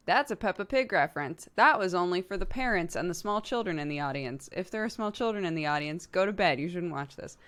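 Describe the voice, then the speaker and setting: A woman's voice: on the low side, lively intonation, brisk, few pauses, fairly bright tone. A woman streamer in casual livestream chat, rambling playfully and laughing often.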